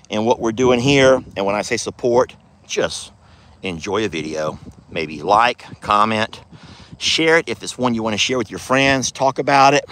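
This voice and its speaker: A man's voice: on the low side, fairly bright tone. Chatty man on his ranch. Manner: chatty, affectionate, talks sweetly to his cows. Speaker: ranch owner and vlogger. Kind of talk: casual vlog walking among cattle. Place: outdoors on a cattle ranch.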